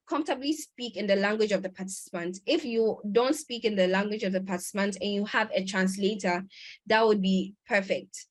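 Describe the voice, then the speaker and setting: A woman presenting a conference lecture over a video call, talking in a conversational way with fillers and restarts. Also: medium pitch.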